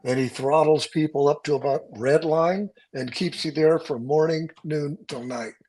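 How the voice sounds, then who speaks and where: Guest: husky male stunt coordinator, slightly high voice, blunt anecdote teller. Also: moderate pace, poor audio. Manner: animated storyteller, acts out quotes, swears freely. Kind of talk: casual anecdote telling.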